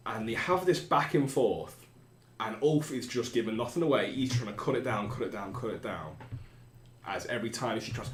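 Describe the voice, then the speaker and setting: A man's voice: mid-range voice, normal speed, slight background noise. A man narrating as game master in a conversational, rambling way with restarts, recorded with a roomy echo.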